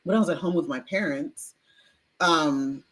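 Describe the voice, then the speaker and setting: A young woman co-hosting a podcast in casual, chatty talk, expressive and rambling with fillers. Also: sits low, measured pace, rough recording. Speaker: podcast co-host. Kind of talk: casual chat. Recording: faint background noise.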